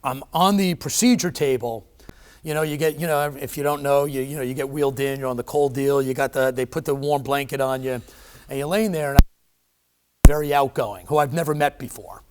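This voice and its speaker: A middle-aged man telling a personal story as an interview guest. He talks in an animated, emphatic way, with plenty of fillers and restarts. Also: medium pitch, fairly quick, smooth.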